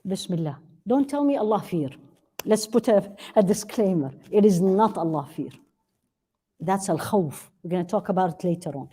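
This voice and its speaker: Warm-voiced woman teaching a religious class. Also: fairly low pitch, expressive, moderate pace, husky. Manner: earnest, asks rhetorical questions and answers them; repeats key phrases for emphasis. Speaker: Islamic teacher. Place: classroom with a live audience.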